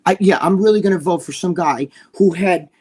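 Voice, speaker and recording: Brief: high-voiced male co-host, heated profane rant, keeps repeating his point. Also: brisk, darkish tone, husky. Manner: ranting, profane, repeats himself, acts out quoted people. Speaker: podcast co-host. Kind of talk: heated casual chat.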